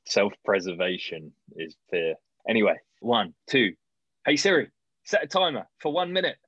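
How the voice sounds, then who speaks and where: A man's voice: lowish voice, expressive, moderate pace, fairly bright tone, husky, no room sound. A man co-hosting a casual podcast, wry and laid-back, with some swearing. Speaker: podcast co-host. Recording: dry, dull lo-fi sound.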